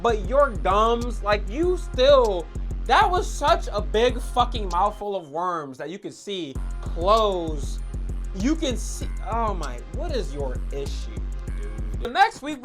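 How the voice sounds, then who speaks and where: A woman casually recapping a wrestling feud, excitable and full of slang and swearing. Her voice sits fairly high and swings widely in pitch as she reacts. Faint music plays underneath. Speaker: wrestling commentary vlogger.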